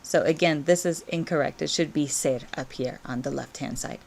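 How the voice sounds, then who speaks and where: A low-pitched woman teaches Spanish in a recorded lesson, walking through verb conjugations slowly, clearly, and encouragingly. There's a little hiss or hum in the audio.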